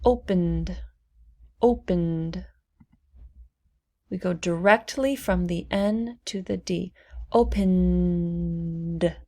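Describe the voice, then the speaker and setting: Young woman teacher, unhurried and clearly articulated, for beginner pronunciation drills. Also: fairly low pitch, warm tone. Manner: over-articulates each word, repeating it twice. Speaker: English teacher. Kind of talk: slow, deliberate pronunciation lesson.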